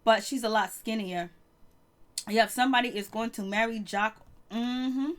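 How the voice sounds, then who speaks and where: Lady w/ a kinda high voice gossiping thru a reality show recap, laughs a lot, keeps restarting. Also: unhurried. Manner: chatty, laughs often, trails off and restarts.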